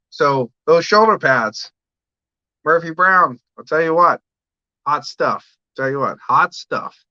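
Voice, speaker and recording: A man rambles through a casual livestream, swearing freely and answering viewers as he talks about brewing. His voice is bright and forceful. The sound is dry and a little dull, like lo-fi home stream audio. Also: on the high side, no room sound. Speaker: livestream host, home brewer. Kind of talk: casual livestream chat reading comments.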